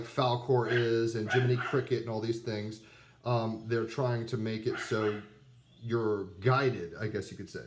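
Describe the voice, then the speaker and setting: A man's voice: medium pitch, a little hiss or hum. A man in his thirties giving a rambling, casual tarot pep talk full of fillers and asides. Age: 30s. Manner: rambling, conversational, many fillers. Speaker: tarot reader. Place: abroad with dogs nearby.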